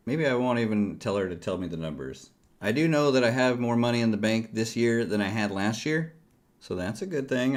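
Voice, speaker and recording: A middle-aged man chatting casually on a livestream, rambling and jokey as he talks straight to his viewers. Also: medium pitch. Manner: self-deprecating, jokey. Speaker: livestreaming futures trader.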